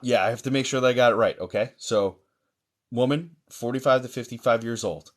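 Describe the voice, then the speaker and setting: A man's voice: medium pitch, brisk. A man hosting a live-stream mediumship session, greeting viewers by name and reading chat aloud in a chatty manner with many fillers.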